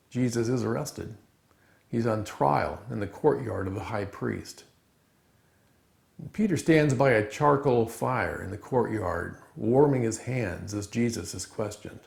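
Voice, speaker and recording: A man giving a chapel sermon, telling the story with animated, dramatic emphasis. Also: mid-range voice, gravelly. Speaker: chapel speaker. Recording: roomy echo.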